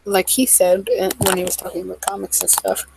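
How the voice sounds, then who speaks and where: A woman vlogging in a casual, rambling way, with lots of "like" and "um", quick asides and apologies. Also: on the low side, completely flat delivery, vocal fry, noisy background.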